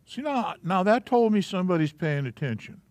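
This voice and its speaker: Male teacher, fairly high voice, slow and patient, leading a live class. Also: very animated, a little mellow, no room sound. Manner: slow, patient, walking through letters step by step. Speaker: Hebrew alphabet teacher.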